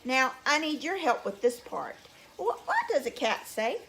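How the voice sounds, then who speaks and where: A teacher reading a folk tale aloud to young children, animated and drawn out. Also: female voice, sits high, a little slow, slight background noise.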